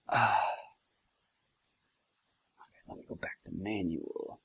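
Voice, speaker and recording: A man's voice: on the low side, slow, long pauses, a bit bright, breathy edge. A man giving a playful statistics video lecture, joking and talking straight to his viewers. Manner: jokey, chatty, addresses viewers directly. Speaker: statistics educator. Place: goes outdoors to a duck pen.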